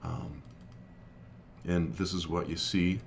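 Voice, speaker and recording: A man narrating as game master of a tabletop role-playing game, pausing often with fillers and restarts. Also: sits low, steady tone, slight background noise. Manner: halting, many fillers and restarts.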